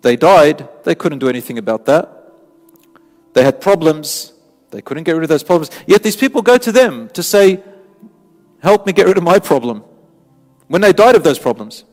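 A man's voice: fairly high pitch, expressive, normal speed, darkish tone. A man delivering an earnest, emphatic Islamic sermon, repeating phrases for stress. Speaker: Islamic preacher. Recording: long hall reverb, faint music.

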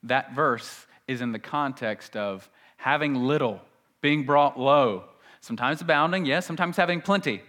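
A man preaching a sermon, moving between quiet, intense lows and urgent, rising pleas. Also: moderate pace. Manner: dynamic preaching, drops to soft intense lows and rises to urgent pleading. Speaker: pastor.

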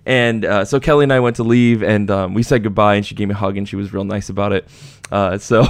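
A young man chats on his podcast in a lively, storytelling way, his pitch jumping around as he acts out the people in his anecdotes. His voice sits in an ordinary middle register. The recording is close and dry. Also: fast, hardly any pauses, no room sound. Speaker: podcast host. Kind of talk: casual chat, storytelling.

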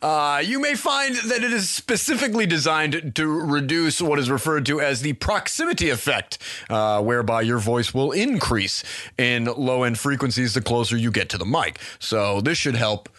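A man's voice: mid-range voice, normal speed, a bit bright. A man hosting a casual podcast, explaining microphone specs in technical terms with frequent fillers and laughter, recorded on a close dynamic mic in a small room with poor acoustics. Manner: laughs often, technical talk with many uh fillers. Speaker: podcast host. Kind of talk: casual podcast chat explaining audio gear. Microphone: close dynamic broadcast mic.

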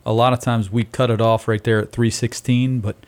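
A man reflecting in a casual faith discussion as a podcast co-host, measured and thoughtful. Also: mid-range voice, little pitch movement, smooth.

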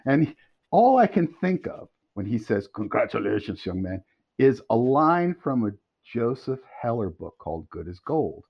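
Middle-aged male podcast guest, lively storyteller, swings pitch a lot, dull lo-fi sound. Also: normal speed. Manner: animated, laughing storyteller. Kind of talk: storytelling anecdote. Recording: dull lo-fi audio.

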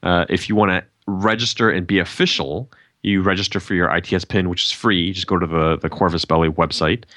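A man with a lowish, bright and forceful voice talks in a relaxed, chatty way. He laughs easily. The sound is dry and close. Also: brisk, no echo. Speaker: podcast host and tournament organizer. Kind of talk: casual chat.

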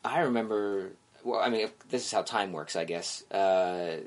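A man interviewing a guest in a relaxed way, asking halting questions. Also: fairly low pitch. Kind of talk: interview chat.

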